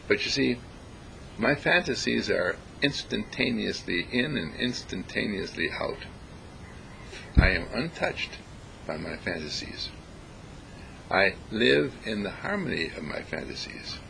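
A man giving a reflective spiritual talk, deliberate and emphatic, repeating phrases to stress them. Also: on the low side, lively intonation, gravelly, bright, forceful tone, a little hiss or hum, poor audio. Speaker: spiritual speaker.

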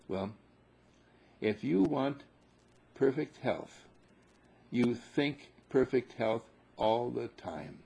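A man's voice: mid-range voice, sing-song, slow, vocal fry, long pauses, dark tone, husky, lo-fi sound. A man teaching a live group as their spiritual teacher, firing questions at them and hammering his points home through repetition.

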